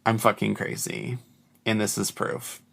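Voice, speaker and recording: A man's voice: fairly low pitch, flat delivery, unhurried, vocal fry, fairly bright tone. A man hosting a podcast alone, rambling casually with lots of "like" and crude jokes. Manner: rambling, heavy use of "like", crude joking. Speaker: podcast host. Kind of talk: casual solo monologue.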